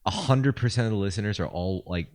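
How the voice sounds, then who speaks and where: A man's voice: on the low side, quick pace, darkish tone, dry recording. A man co-hosting a podcast in casual chat, joking and rambling and laughing often. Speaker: podcast co-host.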